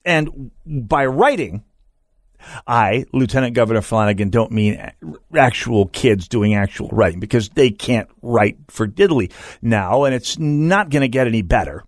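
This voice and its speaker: A man's voice: medium pitch, lively intonation, a little slow, dry recording, clean studio sound. A man hosting a political talk radio show, delivering a sardonic, mocking monologue with frequent stammered restarts.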